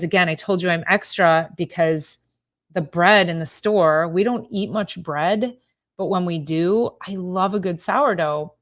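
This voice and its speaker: A rambling, chatty woman in middle age with a voice a shade lower than most, hosting a relaxed live stream. She laughs easily and chats straight to her viewers as she goes. Her talk is casual and loose, with lots of small asides. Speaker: host, chiropractor.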